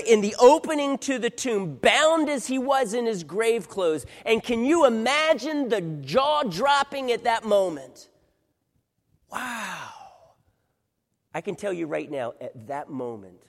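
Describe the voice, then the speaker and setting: Male pastor, high lively voice, unhurried dramatic sermon delivery, long hall reverb. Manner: dramatic, swings from hushed to loud, acts out quoted voices.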